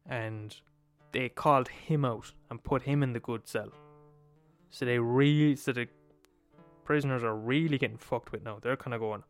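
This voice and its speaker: Man, young, casual storyteller, swears a lot, mid pitch, soft guitar behind. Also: fairly even intonation, moderate pace. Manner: profane, swears freely, acts out quotes.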